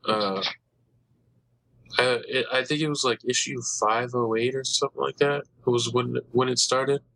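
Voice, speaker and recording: A man's voice: mid-range voice, fairly even intonation, moderate pace, creaky, sharp tone, rough recording. A man hosting a casual podcast chat, rambling eagerly about comic books. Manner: rambling, eager comic-book fan talk.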